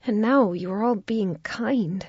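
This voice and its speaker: A woman's voice: medium pitch, takes it slowly, darkish tone, husky, no room sound, voice pushed up. Anxious young stranger woman, read by a woman. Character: frightened young woman stranger, near tears. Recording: dull lo-fi recording.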